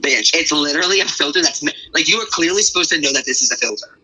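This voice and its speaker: A man's voice: a little high, animated, quick pace, sharp tone, slightly rough, low-quality recording. A man giving rambling, blunt, profane casual commentary to an online audience.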